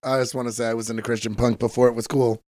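A man's voice: medium pitch, little pitch movement, racing, darkish tone, no room sound. A man co-hosting a casual podcast chat, rambling and profane, sick for days. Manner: rambling, profane, self-mocking. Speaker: podcast co-host.

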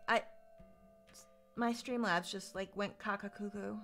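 A woman's voice: medium pitch, steady tone, a little slow, pauses often, a bit bright, faint music behind. A woman streaming live as a VTuber, reading out long lists of supporter names and breaking into dramatic outbursts. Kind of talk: live game stream chat.

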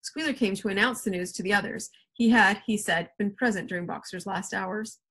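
Woman English teacher, expressive read-aloud, husky breathy tone, mid pitch. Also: fairly quick. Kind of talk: reading a novel aloud to a class.

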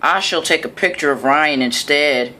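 A man voicing a fussy, hurried male photographer who speaks formally in a storybook reading. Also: on the high side, bright, forceful tone.

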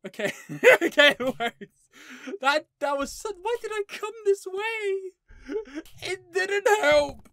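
A woman's voice: extremely high pitch, lively intonation, slow pace, a bit bright, no room sound. A young woman commentating her play of a horror game, panicking, laughing and swearing at it. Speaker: gaming YouTuber.

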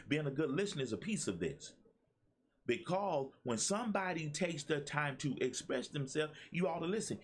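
A man's voice: on the high side, slightly rough. A man, a pastor and motivational speaker, giving a preachy talk to his viewers, repeating himself and calling out to the audience. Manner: preachy, repetitive, calls on the audience.

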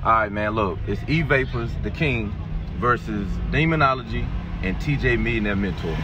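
A man's voice: on the low side, moderate pace. A man vlogging from a drag strip, boasting and trash-talking his rival and repeating his brags. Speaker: YouTuber, drag racer. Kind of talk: hyped casual vlog talk. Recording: distant, dull lo-fi sound with faint noise.

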